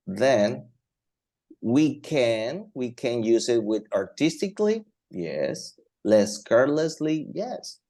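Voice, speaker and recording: Slow, mellow-voiced male English teacher. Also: on the low side. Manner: slow, repetitive, thinking aloud. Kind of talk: classroom grammar lesson.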